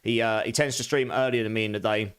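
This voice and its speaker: A young man streaming a game live, chatting casually with viewers while his voice is going a bit hoarse. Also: on the low side, quick pace. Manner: relaxed, chatty, greets viewers warmly, laughs often. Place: home room at his gaming setup.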